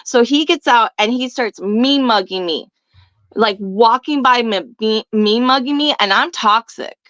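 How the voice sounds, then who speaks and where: A young woman tells a story in casual chat, brash and profane, laughing often. Her voice sits fairly high, and the recording is dry and a little dull. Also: unhurried, a bit bright, dry recording. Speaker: guest.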